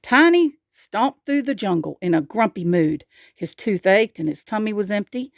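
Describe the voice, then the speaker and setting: A woman reading a picture book aloud, slow and expressive, asking the listener questions. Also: mid-range voice, no echo. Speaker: storyteller.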